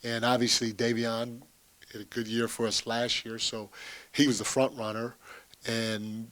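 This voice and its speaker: A man's voice: mid-range voice, flat delivery, a little slow, fairly bright tone, dry recording. A man, a basketball head coach, answering at a post-game press conference in a candid, rambling, chatty way with small laughs.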